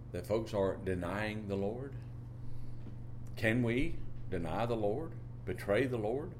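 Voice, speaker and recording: A man preaching a sermon, drawing out phrases and lifting his pitch on key words, reading scripture in old-fashioned wording. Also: slight background noise. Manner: reads scripture in King James wording.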